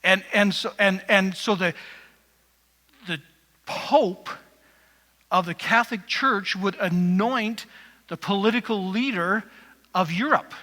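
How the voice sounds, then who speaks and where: High, bright-voiced chatty pastor. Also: male voice, slow pace, long pauses. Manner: rambling, chatty, with asides to the congregation. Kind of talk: conversational sermon teaching. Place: church sanctuary. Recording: long reverb of a church hall.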